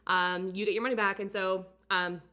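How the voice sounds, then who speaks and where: A woman's voice: medium pitch, normal speed. A woman photographer casually telling a story about a client, chatty and full of fillers. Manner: chatty, many fillers, animated retelling. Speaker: portrait photographer and studio owner.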